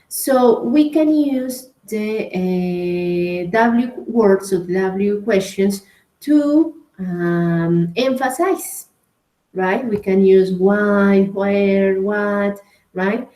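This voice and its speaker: A woman's voice: medium pitch, a little mellow. A woman with a Colombian Spanish accent leads an English grammar class and takes her time over each point. She keeps checking in with "right?" and "okay?" as she explains. Her voice has a noticeable echo, as if she is in a bare room. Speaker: English teacher. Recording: echoey room.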